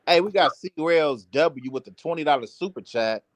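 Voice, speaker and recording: A man co-hosting a livestream, talking in a loud, animated, mocking way and laughing often. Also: a little high, moderate pace, no room sound. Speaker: co-host. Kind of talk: livestream banter.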